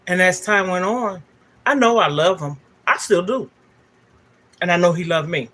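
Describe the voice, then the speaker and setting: A woman's voice: on the low side, moderate pace, a bit bright, slight background noise. An older woman, a livestream host telling a candid, emotional personal story straight to her viewers.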